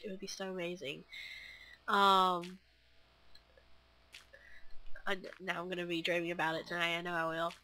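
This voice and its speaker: A woman's voice: medium pitch, pushed and bright. A young woman chatting to camera in a scattered, rambling way, full of fillers and restarts. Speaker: vlogger. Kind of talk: rambling casual chat.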